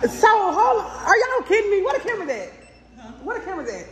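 A woman's voice: very high voice, big pitch swings, fast talker. A woman, vlogging casually and talking effusively straight to her viewers. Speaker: family vlogger. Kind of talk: casual vlog to camera. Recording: echoey room with noise.

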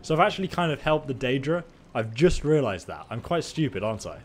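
A young man giving joking, excitable commentary on a live stream, swearing and laughing. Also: medium pitch, brisk, a little hiss or hum. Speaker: gaming streamer.

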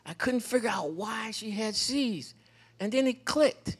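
A man speaking as a panel guest, telling animated stories about fatherhood and repeating phrases for emphasis. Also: high voice, unhurried, slightly rough. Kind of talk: personal storytelling in a community panel.

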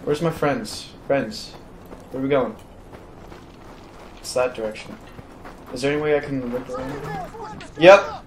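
Talking slowly and pausing often in a mid-range voice, a man narrates his run through a shooter campaign as a casual let's-play. His remarks are jumpy and self-deprecating, aimed at himself and at viewers. The recording feels roomy, and the game's gunfire and combat noise are loud in the background.

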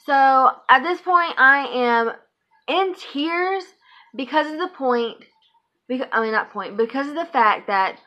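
A young woman in her twenties tells a story straight to camera, with lots of fillers and swearing. Her voice sits fairly high for a woman. The recording is dull and lo-fi. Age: 20s. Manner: chatty, profane, filler-heavy. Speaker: vlogger. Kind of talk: casual storytime vlog.

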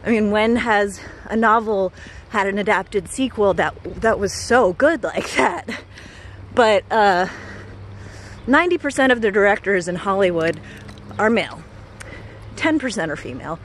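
A woman's voice: medium pitch, expressive, moderate pace, long pauses, slight background noise. A woman vlogging as she walks outdoors, gushing and enthusiastic, laughing often and a bit out of breath. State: out of breath while walking. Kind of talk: casual vlog talk to camera. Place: outdoors on a walk.

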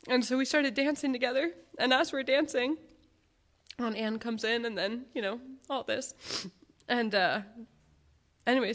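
A woman's voice: high-pitched, a bit bright. Woman giving a heartfelt memorial tribute. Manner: heartfelt, halting personal storytelling. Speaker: granddaughter giving a eulogy.

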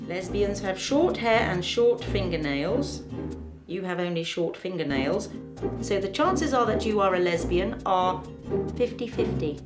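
A brash, tactless woman therapist, played by an actress in a web sitcom, speaking bluntly with sudden leaps in pitch. The room sounds echoey, and music plays clearly underneath her. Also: expressive, unhurried, close to an everyday voice. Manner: blunt and sing-song, with abrupt jumps in pitch. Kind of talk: sitcom acting.

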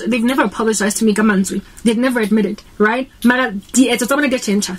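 A young South African woman with a South African accent talks earnestly to her camera in a relaxed, preachy vlog style. Her voice sits a little high and has a slightly husky, breathy edge. She keeps slipping between English and Sesotho mid-sentence. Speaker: Christian vlogger.

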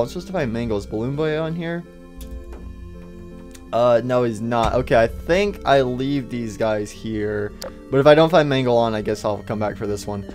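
A man's voice: mid-range voice, darkish tone. Playful young man narrating his gameplay. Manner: playful, teasing the characters, quick jumpy asides. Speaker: gaming YouTuber. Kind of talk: casual let's-play commentary.

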